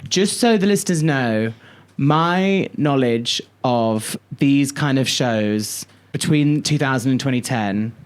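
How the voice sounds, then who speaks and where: Brief: male podcast co-host, animated and sweary, chatting casually in a studio. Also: medium pitch, slow pace, clean tone. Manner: animated, swears freely, storytelling. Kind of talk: casual chat.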